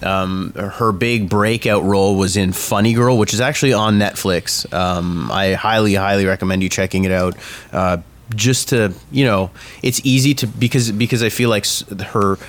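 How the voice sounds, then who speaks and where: A man chatting on a podcast, eager and halting, restarting his sentences as he lists achievements. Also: fairly low pitch, fairly even intonation. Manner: enthusiastic, halting restarts while listing facts. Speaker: podcast co-host. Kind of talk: casual chat.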